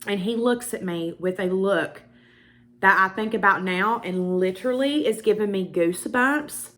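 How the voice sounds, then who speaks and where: In a mid-range voice at a moderate pace, a young Southern US woman chats with her audience. She's a beauty vlogger telling a personal story casually to camera, her tone a bit bright and her delivery sprinkled with emphatic asides.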